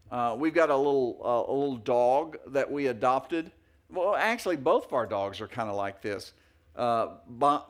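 A middle-aged male pastor preaching a sermon in a folksy, anecdotal way with many fillers and restarts. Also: fairly high pitch.

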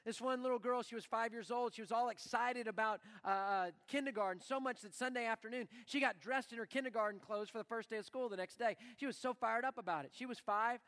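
High bright-voiced preaching pastor. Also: male voice, fast talker, few pauses. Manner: animated preaching, acts out quoted prayers. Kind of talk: sermon. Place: church sanctuary. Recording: long reverb of a church hall.

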